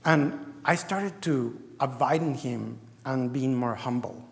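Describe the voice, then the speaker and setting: A man's voice: medium pitch, slow pace, gravelly. A man from Mexico gives an earnest personal testimony to a conference, acting out his own past dialogue as he tells it. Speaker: business founder giving a testimony. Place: large conference hall. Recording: reverberant conference hall.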